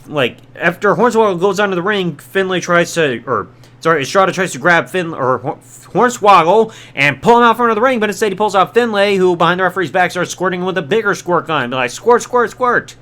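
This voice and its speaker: Male podcast host, casual chatty recap, high voice with wide, lively swings. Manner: chatty, quick asides, quotes characters mid-story. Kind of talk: casual recap of old wrestling storylines.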